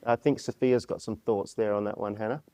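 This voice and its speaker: A man's voice: fairly low pitch, steady tone, fairly quick, warm tone, clean tone, no echo. A man co-hosting a podcast, chatting with children in an encouraging, upbeat way and drawing out their answers. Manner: encouraging, upbeat, asks follow-up questions. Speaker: podcast co-host. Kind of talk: casual discussion with children.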